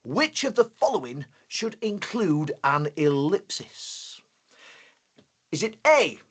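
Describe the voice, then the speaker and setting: A man with a Yorkshire accent presenting a playful, excitable live online lesson for primary school children. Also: a little high, slow, slightly rough.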